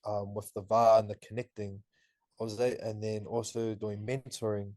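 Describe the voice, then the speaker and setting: Rich: a young man from New Zealand with a lowish voice, chatting as a podcast guest. He tells stories in an animated, laughing way, full of fillers. His voice sounds dry and close, with little room around it. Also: moderate pace, no room sound. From Auckland, New Zealand. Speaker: podcast guest, university student. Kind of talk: casual interview talk.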